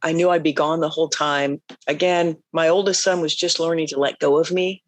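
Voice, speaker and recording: A woman in her fifties, a podcast guest telling stories in a lively, laughing way and acting out what others said. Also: low voice, a little fast, dry recording. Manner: animated storyteller, laughs often, acts out quotes. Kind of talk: conversational interview.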